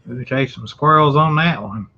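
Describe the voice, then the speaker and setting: A man's voice: mid-range voice, moderate pace. A man hosting a casual chat, folksy and joking. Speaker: host. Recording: dull lo-fi sound.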